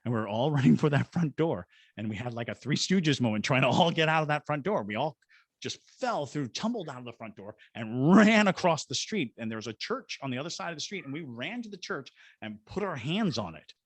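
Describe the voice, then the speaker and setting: A man's voice: mid-range voice, very animated, brisk, slightly rough, no room sound. A middle-aged man from Georgia in the United States, a paranormal investigator, telling a story in a podcast interview and acting out the voices of the people in it. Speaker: guest, paranormal investigator and ghost tour guide.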